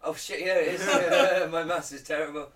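A man's voice: fairly high pitch, steady tone, moderate pace, a bit bright. A man co-hosting a podcast in casual, sweary, jokey chat. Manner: laid-back, sweary, jokey. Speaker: podcast co-host. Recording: a little distant, faint background noise.

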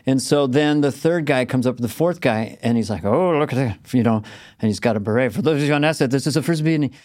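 A man's voice: mid-range voice, fast talker, a little mellow. An older man, a comedian guest, telling rambling anecdotes in casual podcast chat.

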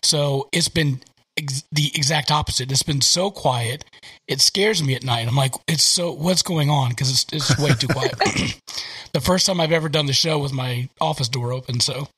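A man's voice: a little high, normal speed, sharp tone, husky. Rambling Southern man hosting. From American South. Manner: rambling, filler-heavy. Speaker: podcast host. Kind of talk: casual chat. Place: home office.

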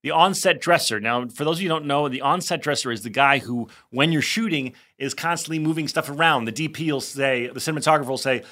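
A man's voice: fairly high pitch, fast talker, few pauses. A man co-hosting a podcast in casual chat, telling behind-the-scenes stories and acting out little voices. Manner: animated storyteller, acts out voices. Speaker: podcast co-host.

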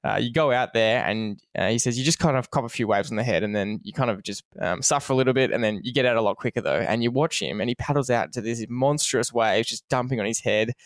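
Fast-talking male podcast host, dry sound. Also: mid-range voice, no room sound. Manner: animated storytelling. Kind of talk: casual podcast conversation.

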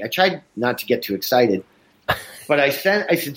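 In a casual conversation set in Chicago, USA, a man acting as host tells lively anecdotes, doing the other people's voices himself. He has a medium-pitched voice and a moderate pace.

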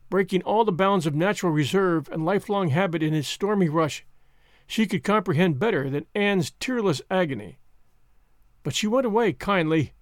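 A man reads an audiobook in a measured, gentle manner. His voice sits high for a man. The sound is dry and close to the mic. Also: no echo. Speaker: audiobook narrator. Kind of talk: scripted narration.

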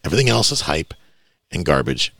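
Man, podcast host, gravelly, lively swings, blunt emphatic rant. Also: rumbling low, fairly quick, dry recording, clean studio sound. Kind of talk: casual podcast monologue.

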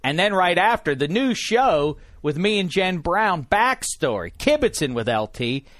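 A man's voice: high-pitched, a little slow, no room sound. Rambling jokey man in a dry studio. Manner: lively, jokey, rambling with many fillers. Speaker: podcast host. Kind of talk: casual sports chat.

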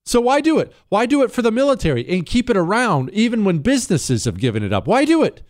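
A talk radio host, a man, rants with a lively, swinging delivery and keeps firing rhetorical questions. His voice sits a little high, and the studio sound is dry and close. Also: quick pace, dry recording. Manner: animated, mocking, rhetorical questions.

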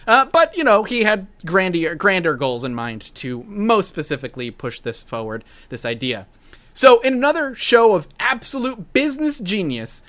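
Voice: medium pitch, a bit bright. A podcast host telling a history story in casual chat, with a sarcastic, mocking manner.

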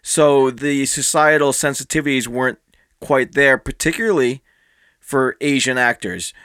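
A man interviewing a guest, asking measured, leading questions. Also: mid-range voice, fairly bright tone, smooth, no echo, studio quality.

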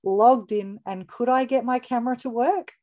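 Offering business advice on a casual podcast, this co-host is bubbly and talkative, quick to laugh. She speaks at normal speed with a fairly high pitch and a darkish tone.

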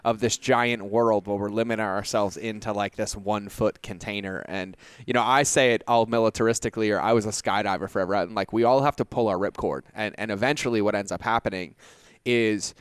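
Chatty man, smooth and dry. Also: lowish voice, brisk, no echo. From Boston, USA. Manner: animated, chatty, tags sentences with "right?". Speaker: podcast host. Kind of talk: casual interview chat.

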